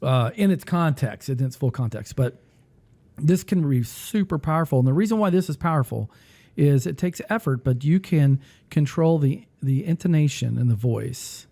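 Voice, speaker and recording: A man hosting a casual talk who rambles and thinks aloud while he clicks through music software. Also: a little high, animated, normal speed, creaky. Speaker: music teacher and podcast host.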